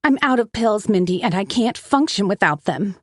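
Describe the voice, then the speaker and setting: A woman's voice: mid-range voice, animated, moderate pace, darkish tone, dry recording, studio quality, natural voice. A woman voicing a desperate addicted sister who pleads, then turns bitter, in an audiobook. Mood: pleading. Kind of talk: audiobook narration.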